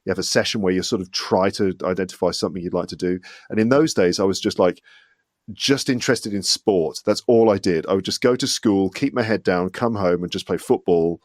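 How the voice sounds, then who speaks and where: A man's voice: deep voice, fairly quick, no room sound, clean studio sound. A man in his forties from the English West Midlands with a faint trace of the local accent, chatting as an interview guest in a self-deprecating way and laughing often. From England, West Midlands (Solihull). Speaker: guest, English teacher and podcaster. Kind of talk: casual interview chat.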